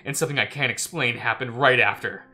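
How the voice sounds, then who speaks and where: A man reading a story game aloud in first person, halting with frequent fillers and self-corrections. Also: medium pitch, bright, forceful tone, soft background music. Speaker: gaming YouTuber.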